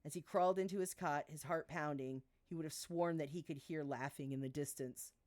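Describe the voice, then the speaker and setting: A woman with a deep, brisk, slightly mellow voice reads her own novel aloud on a live stream. She gives the characters light voice shifts in the dialogue, stumbles and restarts to correct herself now and then, and laughs at her own asides.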